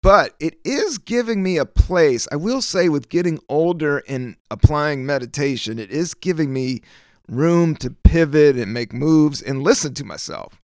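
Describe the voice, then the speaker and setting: A middle-aged man hosts a solo podcast as a working comedian, drifting from thought to thought with easy profanity and frequent hunts for the right word. His voice sits a little high and swings widely in pitch. The recording is very dry and close. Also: lively intonation, unhurried, a little mellow, no echo. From United States. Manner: loose, profane, stream-of-consciousness, trails off searching for words. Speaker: podcast host. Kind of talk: rambling solo podcast monologue.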